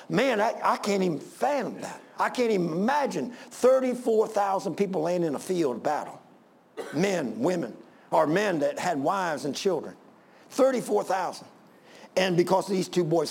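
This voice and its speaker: A middle-aged male pastor preaching a sermon to his congregation, impassioned and repetitive, building up to shouting. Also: sits high, creaky, slightly rough. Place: church sanctuary with congregation.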